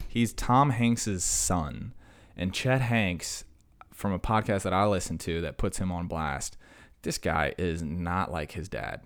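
Man, young adult, podcast host, low voice, laid-back, rambling, self-mocking. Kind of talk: rambling casual podcast chat.

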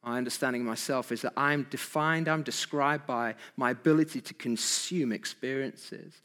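A man's voice: mid-range voice, moderate pace, sharp tone, in a large hall. A man preaching an evening sermon, asking his congregation rhetorical questions with emphasis. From Britain.

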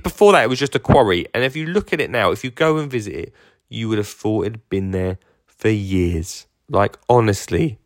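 On his own podcast, a garden entertainer rambles cheerfully in a casual monologue, restarting sentences and leaning on fillers. The studio-quality recording has no echo and carries his lowish voice.

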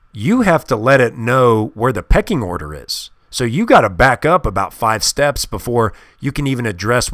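A man's voice: medium pitch, a bit bright, dry recording, clean studio sound. A man hosting a podcast, talking in an emphatic and insistent way as he gives advice on dog training. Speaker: podcast host. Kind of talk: casual monologue.

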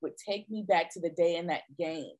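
A woman's voice: lowish voice, moderate pace, a little mellow. A woman co-hosting a casual faith talk, earnestly sharing a personal story and affirming her partner by echoing her phrases. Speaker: podcast co-host.

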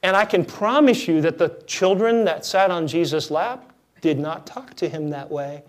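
A man with a high, light voice delivers a sermon as a pastor. He keeps it conversational and jokey. He drops to near-hushed lines and then lifts back to full, energetic volume. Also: moderate pace. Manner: conversational, jokey, swings between hushed and loud.

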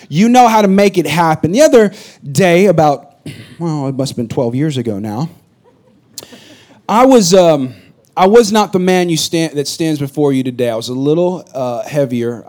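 A middle-aged man preaching a sermon as pastor, a lively storyteller who repeats his punchlines and jokes with the congregation. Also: a little high.

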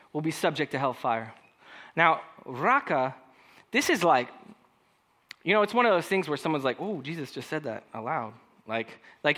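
A male pastor preaching a conversational sermon, acting out quoted lines and speaking directly to the congregation. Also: high voice. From California. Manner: conversational, animated, acts out quoted voices.

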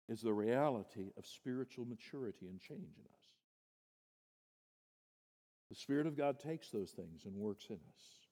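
A male pastor preaching a sermon, swinging from soft, low passages to loud, high-pitched emphasis and calling listeners "my friend.". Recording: long hall reverb.

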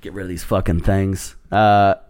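A man's voice: sits low, normal speed, smooth. Male stand-up comedian guest, casual podcast storyteller, profane and giggly. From Texas. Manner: profane, laughing, animated retelling.

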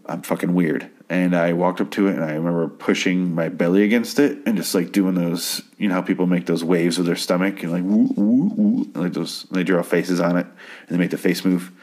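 A man's voice: deep voice, fairly even intonation, fairly quick, a little mellow. A man casually recapping a TV episode, rambling and swearing as he acts out the characters' lines.

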